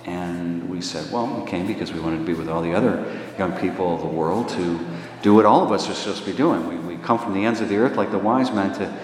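A man preaching in a conversational storytelling way, his pitch rising when he drives a point home. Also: brisk. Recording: echoey hall with long reverb.

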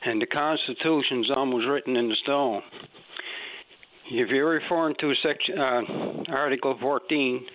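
Man calling in, brash, dismissive, rambling, mid-pitched, tinny phone line. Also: steady tone, normal speed. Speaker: caller. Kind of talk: call-in radio opinion.

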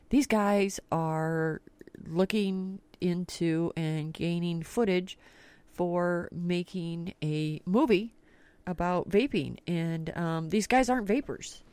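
A woman's voice: on the low side, darkish tone, no echo. A woman hosting a talk radio podcast, telling stories in a casual, blunt way and swearing freely. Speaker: podcast host.

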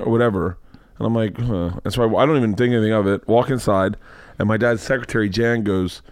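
A man hosting a podcast, telling a profane, animated story in casual chat and acting out the voices in it. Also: fairly low pitch, fairly quick, no echo, studio quality. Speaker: podcast host.

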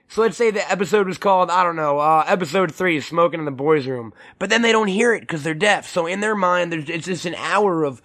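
A man's voice: sits high, brisk, hardly any pauses, fairly bright tone. A man co-hosting a podcast, joking around in a crude, rambling way with lots of restarts. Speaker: podcast co-host. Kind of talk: casual podcast chat.

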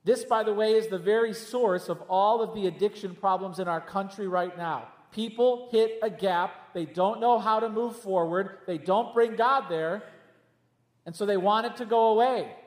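A man's voice: high-pitched, normal speed. A man preaching a sermon as pastor, mixing teaching with jokes and chatty asides. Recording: echoey hall with long reverb.

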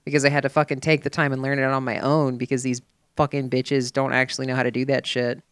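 A woman's voice: a bass voice, level tone, fast, clear, resonant tone, no room sound, clean studio sound. A woman chatting casually and candidly, swearing freely and rambling with fillers. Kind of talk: casual chat.

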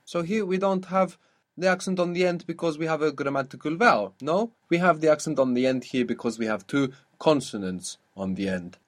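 A man teaching a language lesson, patiently drilling words and saying them slowly and clearly. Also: on the high side.

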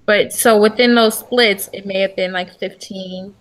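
A woman's voice: medium pitch, steady tone, a little slow. A young adult woman from the United States, chatting expressively as the interviewee in a casual interview.

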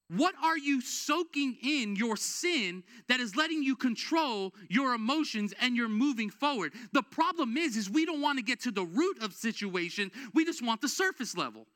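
A man delivers a sermon as a pastor with a very high, bright voice. He preaches in a casual, conversational way with slang, then drives his points home with emphatic, rising exhortation. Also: unhurried. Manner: energetic, rises to emphatic exhortation.

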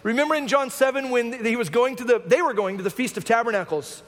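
A man preaches a sermon in a relaxed, conversational teaching style, often checking in with the congregation. His voice sits very high for a man. The sound carries the long reverb of a large church sanctuary. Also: quick pace. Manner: conversational teaching, frequent "right?" asides. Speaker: pastor.

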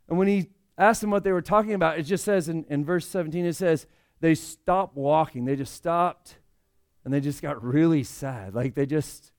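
A man preaching a conversational sermon, swinging between loud emphasis and hushed asides. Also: on the high side. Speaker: pastor.

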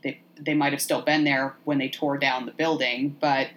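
A woman hosting a podcast, chatting casually as she retells a film with playful, animated asides. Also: extremely low pitch, normal speed, highs cut off. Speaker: podcast host.

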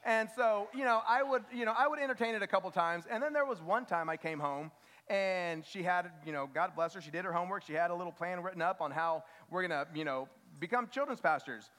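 A fairly high-voiced man in his thirties preaches in a church, with a long reverb trailing his words. He tells stories about himself with humor, then pushes up into loud, emphatic bursts. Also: fairly quick. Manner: self-deprecating storytelling, rises to loud emphatic peaks. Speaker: children's pastor. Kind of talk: sermon. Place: church sanctuary.

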